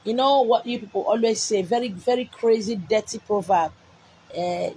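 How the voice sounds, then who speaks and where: A woman's voice: medium pitch, moderate pace, mellow, a little hiss or hum, poor audio. A woman with a Nigerian accent delivering a spiritual message, repeating herself emphatically and scolding with rhetorical questions. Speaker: spiritual messenger. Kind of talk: preached message to viewers.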